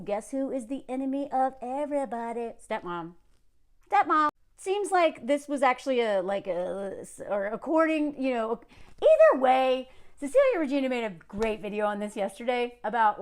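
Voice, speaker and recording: A woman in her thirties rants in a casual commentary vlog, her high voice full of sarcasm. She rambles, restarts, and leans on fillers as she talks. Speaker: commentary creator.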